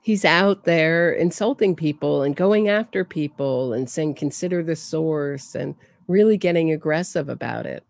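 A woman's voice: sits low, moderate pace, vocal fry, dry recording, studio quality. A woman giving casual true crime commentary, chatty and laughing between remarks.

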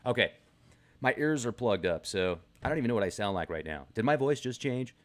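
A man's voice: mid-range voice, fast. Guy ranting to camera in his garage, sarcastic asides, voice swings up and down a lot. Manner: animated, rambling, sarcastic asides. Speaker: vlogger. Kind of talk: casual rant to camera.

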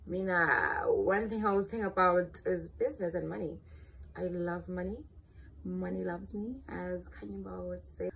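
A woman's voice: fairly low pitch, lively intonation, moderate pace, vocal fry, fairly bright tone, a little hiss or hum. A young woman in her late teens with a South African accent, chatting candidly and playfully in a casual question-and-answer vlog. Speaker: vlogger.

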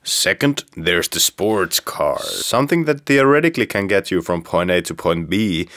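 A man's voice: low-pitched, expressive, moderate pace, fairly bright tone. A man, a car reviewer and host giving dry, tongue-in-cheek scripted narration. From Finland.

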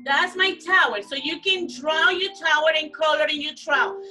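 A woman teaching young children in an online class, coaxing and praising them in simple, animated phrases. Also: sits high, moderate pace, distant mic, faint music behind, poor audio. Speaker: preschool teacher.

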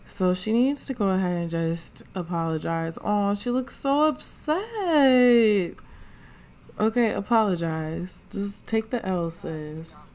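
A woman's voice: mid-range voice, animated, slow pace, a little mellow. A woman, giving slangy, chatty commentary as she plays a life-sim game. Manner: chatty, slangy, narrates characters' thoughts. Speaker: gaming channel host. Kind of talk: casual let's play commentary.

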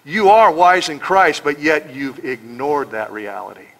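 A man's voice: a little high, very animated, unhurried, low-quality recording. A man with an American accent preaching a verse-by-verse sermon as pastor, emphatic and sarcastic, firing rhetorical questions. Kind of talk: expository sermon.

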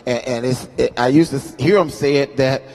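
A man in his fifties preaching at a funeral service, calling out to the congregation for responses and moving between quiet asides and loud, chanting scripture readings. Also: mid-range voice, brisk. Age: 50s. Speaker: guest preacher. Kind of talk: sermon at a homegoing service. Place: funeral home chapel. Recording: long hall reverb in a chapel.

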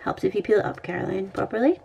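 A woman's voice: mid-range voice, quick pace, creaky, warm tone, slightly rough. A Scottish woman vlogging at home, chatting and thinking aloud while she decorates her planner, often poking fun at herself.

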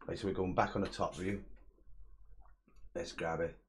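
A man's voice: low-pitched, steady tone, moderate pace, long pauses. A young man giving a casual live-stream modelling tutorial, muttering his steps aloud, chatting with viewers in slang and swearing freely. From England.

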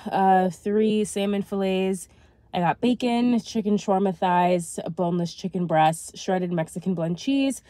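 A woman's voice: medium pitch, mellow, no echo. A young woman with a stuffy, congested voice, chatting casually and upbeat to camera in a lifestyle vlog, full of fillers. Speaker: lifestyle vlogger.

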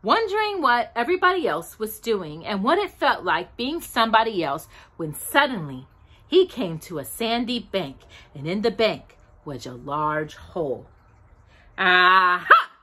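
A woman reading a children's storybook aloud in a slow, expressive manner. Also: mid-range voice, breathy edge.

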